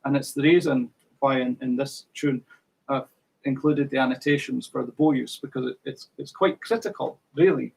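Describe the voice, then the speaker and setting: A man's voice: mid-range voice, normal speed, creaky, darkish tone, breathy edge, low-quality recording. A man teaching fiddle in an online workshop, patiently counting in and singing rhythms.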